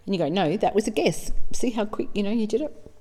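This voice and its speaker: A woman's voice: medium pitch, animated, quick pace, dark tone. Earnest Australian woman, reverberant sound. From South Australia. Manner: earnest, emotional, acts out dialogue. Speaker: psychic medium. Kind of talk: casual storytelling talk.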